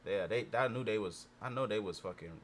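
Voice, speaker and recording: Rambling man thinking out loud. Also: lowish voice, fairly quick, a little hiss or hum. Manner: rambling, profane, thinks aloud. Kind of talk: casual chat.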